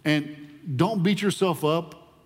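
A man preaching a sermon in an animated way, often repeating words as he builds his point. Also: fairly high pitch, slow, big-room sound. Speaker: pastor.

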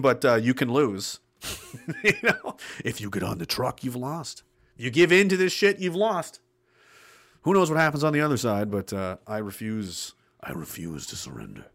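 A man's voice: mid-range voice, fairly bright tone. A man hosting a livestream, reading out chat comments and ranting bluntly with lots of swearing and laughs between points. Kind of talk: casual ranting livestream talk.

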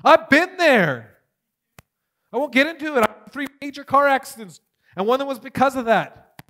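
A man giving a testimony sermon, telling his story with big swings between loud and hushed. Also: very high-pitched, normal speed. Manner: animated storytelling, swings from shouting to near whisper. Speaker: preacher.

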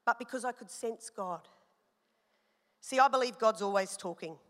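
Woman pastor, high and bright, sermon delivery with long hall reverb. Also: normal speed. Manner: animated, personal storytelling with rising emphasis.

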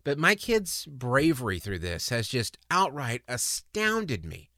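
Bright-voiced man telling an earnest story. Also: mid-range voice, huge pitch swings, no room sound, clean studio sound. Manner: earnest, emotional, halting. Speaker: podcast host. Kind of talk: personal storytelling on a podcast.

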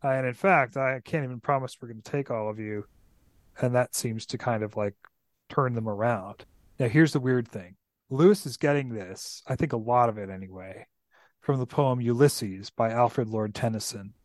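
A man talks eagerly about books in a casual podcast chat, often tagging his points with a quick "right?". His voice sits at a middle pitch. The sound is dry and close, with no room echo. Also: darkish tone. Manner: enthusiastic, tags points with "right?". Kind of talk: casual literary discussion.

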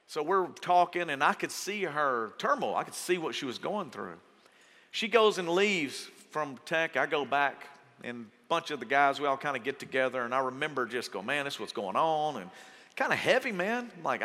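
A man preaching a storytelling sermon as pastor, animated, acting out quoted voices and laughing through his stories. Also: a little high, brisk, long reverb tail. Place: large church auditorium.

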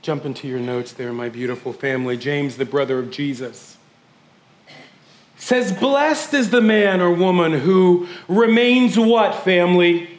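A man preaching as pastor, emotional, calling his congregation family and swinging from hushed grief to shouted praise. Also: sits high, measured pace, roomy sound, a little hiss or hum. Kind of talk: sermon. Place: church sanctuary.

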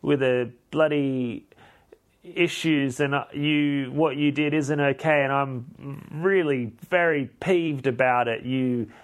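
A man voicing a furious, heavily pregnant woman friend, ranting and swearing in a shrill voice. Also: expressive, drawn-out words, hardly any pauses, fairly bright tone, full character voice. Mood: indignant.

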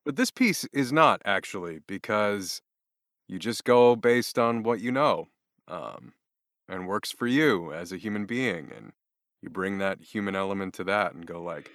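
A man, a narrator guest, telling stories in a laughing, animated way. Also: on the low side, unhurried. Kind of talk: conversational interview answers.

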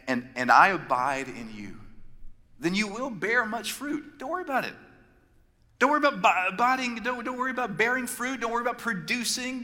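A man voicing Jesus as a calm, reassuring adult man who talks casually and repeats his phrases. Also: medium pitch. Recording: long reverb of a large hall.

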